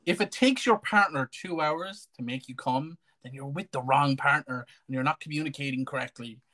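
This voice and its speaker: A man's voice: medium pitch, normal speed, bright, forceful tone. A man with an Irish accent co-hosting a casual livestream chat, crude, rambling and jokey. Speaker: co-host.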